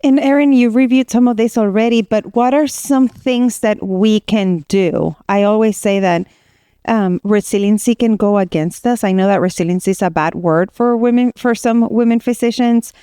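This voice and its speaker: Woman from puerto rico, psychiatrist on a podcast, warm smooth voice, chatty, keeps restarting her sentences. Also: mid-range voice, moderate pace, no room sound, clean studio sound. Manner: candid, animated storytelling with many restarts. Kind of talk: casual podcast conversation.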